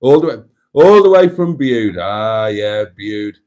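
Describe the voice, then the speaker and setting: Livestream host, man, a bit tipsy, lively pitch, laughs a lot while reading comments. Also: measured pace. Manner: chatty, laughs often, reads comments aloud. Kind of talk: casual livestream chat.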